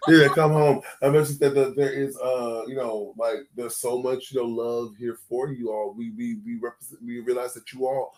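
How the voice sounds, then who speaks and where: A man's voice: little pitch movement, normal speed, hardly any pauses, dark tone, a little hiss or hum, poor audio. A man co-hosting a podcast in casual conversation, retelling what others said and laughing as he goes. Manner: storytelling, laughs between lines, drops low to quote others. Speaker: podcast co-host.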